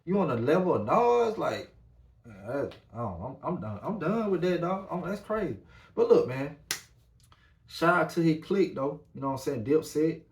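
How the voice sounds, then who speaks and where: Animated man hosting a casual podcast. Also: on the high side, normal speed, a little hiss or hum. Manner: loose, animated, repeats "man" and "you know what I'm saying". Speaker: podcast host. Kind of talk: casual solo podcast talk.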